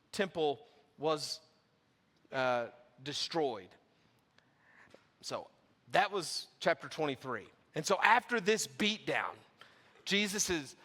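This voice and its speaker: Bright-voiced male pastor in a reverberant church. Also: fairly high pitch. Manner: casual, conversational preaching with scripture reading. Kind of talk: sermon. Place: church sanctuary.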